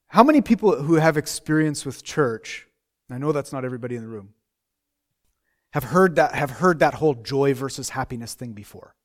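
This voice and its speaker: A man's voice: medium pitch, lively intonation, a little fast. A middle-aged man preaching a sermon in a conversational way, repeating phrases and asking rhetorical questions.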